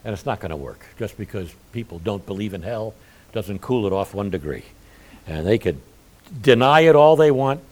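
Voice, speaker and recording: Animated man preaching a sermon. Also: fairly low pitch, normal speed. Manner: animated preaching with folksy asides. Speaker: pastor.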